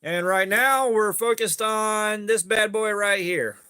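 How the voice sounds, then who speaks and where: Bright high-voiced man chatting. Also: slow pace, smooth. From southeastern United States. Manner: rambling and chatty, greets viewers by name, casual swearing. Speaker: livestream host. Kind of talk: casual livestream chat.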